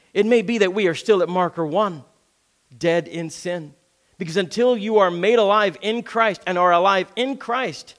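Emphatic male preacher, slightly high voice. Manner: earnest, emphatic, repeats phrases for stress. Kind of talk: sermon.

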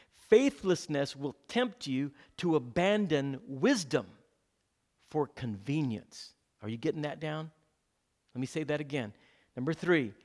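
A male pastor delivers a sermon in a slightly high voice. He presses his points with fervent exhortation, then drops to hushed, low lines, and he repeats each point slowly so his listeners can take notes. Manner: emphatic, repeats key points slowly for note-taking.

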